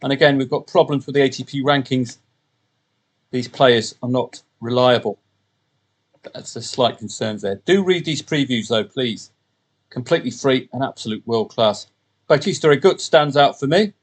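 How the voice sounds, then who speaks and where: A man hosting a solo podcast, talking through the day's matches in a casual, rambling way with jokey asides and quick self-corrections. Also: medium pitch. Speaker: podcast host and betting tipster.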